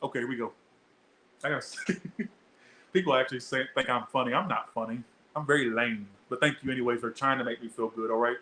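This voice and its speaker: A man's voice: mid-range voice, fast talker, pushed and bright, echoey room, slight background noise, low-quality recording. Blunt, chatty tarot reader man. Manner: chatty, blunt and profane, talks straight to viewers. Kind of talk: casual tarot reading to camera.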